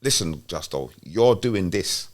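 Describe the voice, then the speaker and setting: A man's voice: sits low, lively intonation, unhurried. A man, a rapper guest on a podcast, making his points emphatically and persuasively in casual chat.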